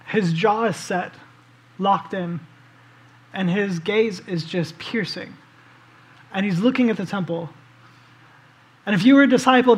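A preacher giving a conversational sermon, telling a scripture story vividly and inviting listeners to picture the scene, with casual fillers along the way. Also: medium pitch. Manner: casual, with frequent "like" and "um".

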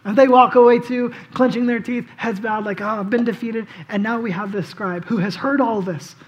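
A man preaching a casual, conversational sermon as pastor. He tells the story in an animated way and often says "like" and "um". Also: very high-pitched, normal speed, dull audio. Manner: animated storytelling, acts out quoted voices; casual, with frequent "like" and "um".

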